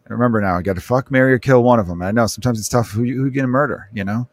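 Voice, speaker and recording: A man's voice: medium pitch, very fast. A man hosting a podcast, chatting casually with jokes and rambling asides. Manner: rambling, joking, fond of asides. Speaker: podcast host.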